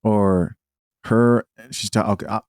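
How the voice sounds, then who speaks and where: A man's voice: lowish voice, fairly even intonation, a little slow, darkish tone, clean tone, no echo, studio quality. A man hosting a reaction show, thinking aloud in a hesitant, wry way. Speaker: host. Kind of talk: reaction commentary.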